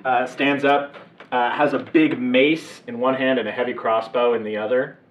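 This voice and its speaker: Through a muffled, echoey mic placed at a distance, a man runs a tabletop game as game master, narrating loosely with lots of fillers and rambling. His medium-pitched voice keeps fairly even intonation at a moderate pace.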